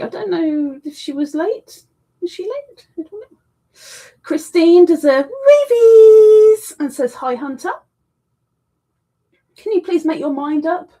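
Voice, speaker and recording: A woman's voice: mid-range voice, a little mellow. A woman hosting a casual crochet live stream, chatting with viewers, reading their messages aloud and cooing to her cat. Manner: coos affectionately to her cat between greetings.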